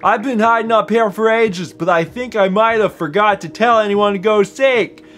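A man's voice: high-pitched, normal speed, a bit bright, soft background music, pitched above the performer's own voice. A man reading aloud the lines of a cheerful male character who has been hiding too long, in a lifted, bouncy delivery. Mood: playful.

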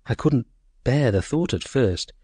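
A man narrating a short story as an audiobook, in a measured, sorrowful first-person voice. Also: medium pitch, animated, darkish tone, slightly rough, no echo, studio quality.

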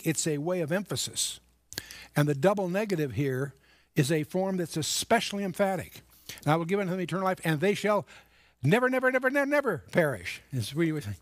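Male preacher, high-pitched, animated and emphatic, dry close recording. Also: no echo. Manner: animated, emphatic, reads scripture aloud. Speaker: Bible teacher. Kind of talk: sermon, Bible teaching.

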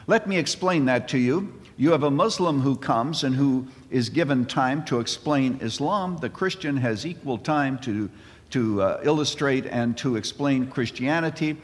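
A man in his seventies giving a conference sermon, an animated storyteller with comic timing who mixes jokes into his message. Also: mid-range voice, moderate pace. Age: 70s. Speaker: conference speaker. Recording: reverberant hall.

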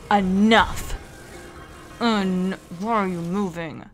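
A woman's voice: mid-range voice, expressive, measured pace, long pauses. A woman streaming a video game on a close mic, casually commenting, talking to herself and swearing when frustrated. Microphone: close desk mic. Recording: game music behind.

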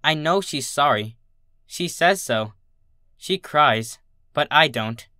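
A man narrating a dark story in first person with a slow, halting delivery. His voice is bright and somewhat high, recorded close in a dry space. The reading sounds tense throughout. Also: animated, dry recording. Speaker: fanfiction reader.

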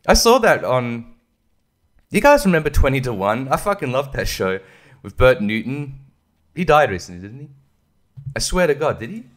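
A man's voice: medium pitch, sing-song, normal speed, long pauses. A young man hosting a podcast, rambling in casual chat, swearing a lot and laughing often. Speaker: podcast host.

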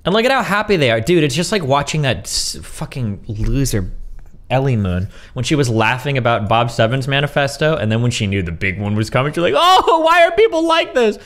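Heated, swearing male streamer with lively pitch. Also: brisk. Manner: profane, heated, mocking. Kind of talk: casual livestream rant.

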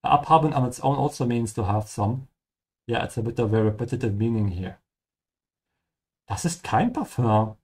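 A man teaching German through game dialogue, explaining each line in a friendly way and repeating key words slowly. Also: mid-range voice, darkish tone.

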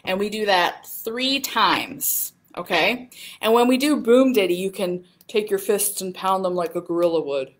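A woman's voice: medium pitch, moderate pace, fairly bright tone. A woman, a children's librarian, reading picture books aloud at storytime. She speaks in a sing-song way and asks young listeners questions.

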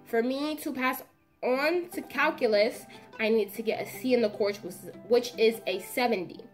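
Animated young woman telling a story. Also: fairly high pitch, moderate pace, soft background music. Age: young adult. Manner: animated, dramatic storytelling with slangy asides. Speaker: vlogger. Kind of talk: casual storytime.

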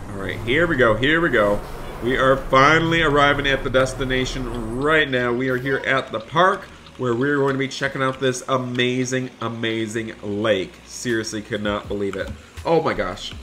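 A man's voice: medium pitch, pushed and bright, a little hiss or hum. A young man giving chatty, upbeat commentary while role-playing a school bus driver in a video game. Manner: upbeat, chatty, keeps addressing viewers as "you guys". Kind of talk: Roblox roleplay commentary.

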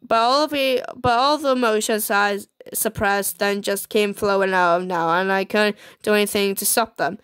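A woman's voice: mid-range voice, steady tone, a bit bright, clear, resonant tone, dry recording. A woman reading a romance visual novel aloud, stumbling and restarting words often. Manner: halting, with frequent fillers and restarts on words.

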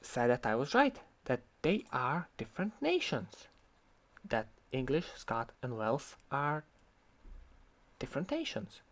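A man's voice: mid-range voice, huge pitch swings, measured pace. A man from Croatia, ranting in sarcastic, heated commentary about an online argument and swearing freely. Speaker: vlogger.

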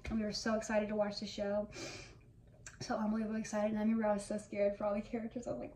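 A young woman around twenty talks through her fan memories, eager and filler-heavy, in a mellow, even voice. She sits a little back from the mic in an echoey room with faint noise behind. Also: medium pitch, quick pace, distant mic. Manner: gushing fan storytelling with many fillers. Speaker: vlogger. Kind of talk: casual reminiscing monologue.

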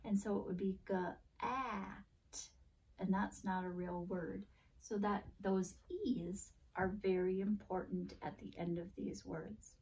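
A woman teacher giving a video phonics and grammar lesson at a board, sounding out letters slowly and clearly. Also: mid-range voice, little pitch movement, mellow, recorded from a distance. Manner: slow, deliberate sounding-out of letters.

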